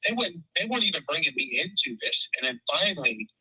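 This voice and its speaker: A man talks quickly through a muffled, lo-fi call. He rambles, restarts and repeats himself, swearing freely as he recounts what happened. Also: a little high, very animated, slightly rough. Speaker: caller recounting events. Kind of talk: casual phone chat.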